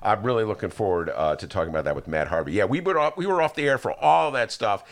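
A man hosting a podcast, talking in a sarcastic, animated way and mocking people with put-on voices. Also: lowish voice, fast. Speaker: podcast host. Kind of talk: casual political chat.

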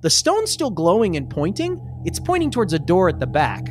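A man's voice: high-pitched, huge pitch swings, a little fast. A man narrating as game master of a tabletop game, rambling with many fillers. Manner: rambling, full of fillers and restarts.

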